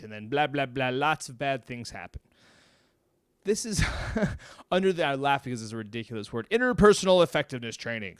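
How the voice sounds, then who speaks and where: Blunt, chatty man with a smooth voice. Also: mid-range voice, no echo, clean studio sound. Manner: blunt and chatty, peppered with "okay?" and mild swearing. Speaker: mental health video host. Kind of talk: casual talk to camera. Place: home room.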